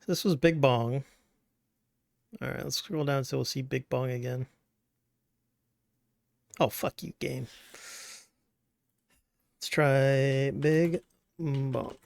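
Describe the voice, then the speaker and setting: Gravelly-voiced male streamer chatting. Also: mid-range voice, steady tone, unhurried, long pauses, no room sound. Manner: rambling, joking, swears casually at the game. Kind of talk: casual livestream chat.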